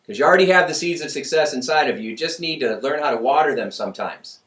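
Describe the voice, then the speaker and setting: A man giving a motivational talk in a chatty, animated way, laughing at his own jokes. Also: a little high, fast talker. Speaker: motivational speaker. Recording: echoey room, voice from far off.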